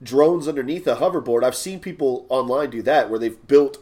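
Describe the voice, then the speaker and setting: Guy on a podcast rambling through a story, swears a lot, medium pitch. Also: a little fast, darkish tone. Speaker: podcast co-host. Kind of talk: casual chat.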